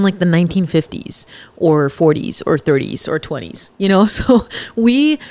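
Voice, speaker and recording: A woman's voice: mid-range voice, darkish tone, no echo. A woman hosting a podcast, talking casually and emphatically as she gives her listeners a pep talk. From Los Angeles, California. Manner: chatty and emphatic, with laughs and restarts. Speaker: podcast host.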